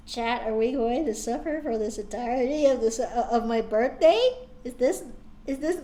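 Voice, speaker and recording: A woman's voice: fairly high pitch, normal speed, mellow. A woman streamer reading cringe fan fiction aloud on a live stream, breaking off with exasperated, sarcastic asides.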